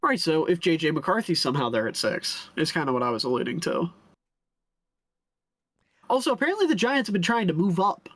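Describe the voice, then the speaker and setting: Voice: mid-range voice, big pitch swings, no room sound. A podcast co-host in casual sports chat, opinionated and chatty, talking into their own desk mic. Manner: opinionated, chatty, quick to laugh.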